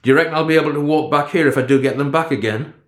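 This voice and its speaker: Brief: man doing a frail but wry older man, hushed and confiding, a touch higher than the reader's own voice, echoey room. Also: very fast, close to an everyday voice. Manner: confiding, half-whispered, chuckling.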